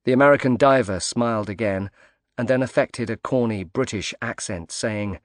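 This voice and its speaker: A man narrating a thriller audiobook in a measured, subdued reading. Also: medium pitch, no echo, clean studio sound.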